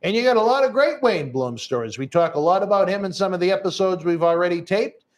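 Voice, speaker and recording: A man's voice: high voice, expressive, fast talker. A man hosting a live interview, joking around and plugging upcoming events in a promo style. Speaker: host.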